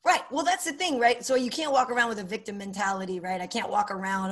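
Animated woman telling stories. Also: mid-range voice, fast talker. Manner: animated, acts out quoted dialogue. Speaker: sports broadcaster, podcast guest. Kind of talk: casual interview storytelling.

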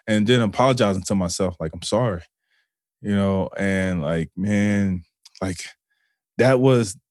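A man's voice: lowish voice, unhurried, a little mellow, no room sound, clean studio sound. A man as a podcast guest, telling a personal story in an earnest, emotional way, with swearing, fillers and frequent restarts.

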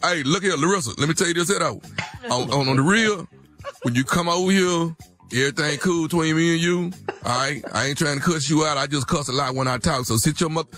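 A man's voice: on the high side, brisk, fairly bright tone, faint music behind, lightly acted. A man playing a phony, boastful boyfriend who talks in drawling slang and rambles, stumbling over words, as a comic radio impression. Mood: smooth-talking.

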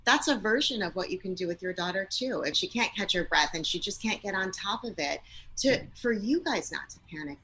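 A woman in her thirties giving parenting advice on a podcast, slipping into gentle, soothing phrases as she models what to say to a child. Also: medium pitch, animated, a little fast, slightly rough, poor audio. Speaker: parenting expert guest.

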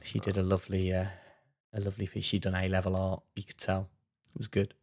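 Low, darkish and monotone, this co-host's voice moves at a quick pace through a casual podcast chat. He tells a long, rambling story, constantly restarting and filling gaps with "like."

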